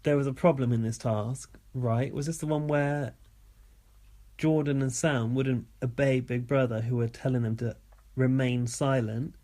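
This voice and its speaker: A man co-hosting a casual podcast, rambling through long recaps with a voice of middling pitch. He laughs often as he goes. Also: fairly even intonation, measured pace, dark tone. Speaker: podcast co-host. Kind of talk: casual chat.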